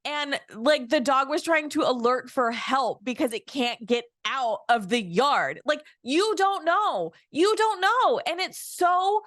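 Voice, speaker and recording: Female co-host, high voice, dry close sound, earnest and indignant. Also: slow, few pauses, fairly bright tone, no room sound. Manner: earnest, indignant, hesitant restarts. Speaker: podcast co-host. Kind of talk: casual chat.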